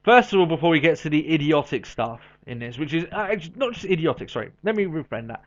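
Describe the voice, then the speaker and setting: A man with a somewhat high voice co-hosts a podcast in loose, casual chat. He talks in an animated way, drops in quick asides and laughs a lot. The audio is muffled and lo-fi. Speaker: podcast co-host. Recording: dull lo-fi audio.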